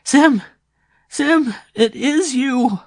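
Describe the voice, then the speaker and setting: A man voicing a trembling, half-blind old woman with shrill, shrieking cries, in an audiobook. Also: very slow, dry recording, studio quality, full character voice. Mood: overjoyed.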